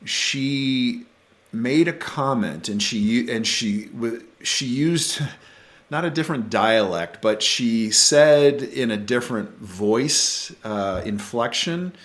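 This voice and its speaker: A middle-aged man telling personal stories as a podcast guest, earnest and halting, with frequent restarts. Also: fairly low pitch, a bit bright. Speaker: podcast guest, bereaved father. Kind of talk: conversational storytelling.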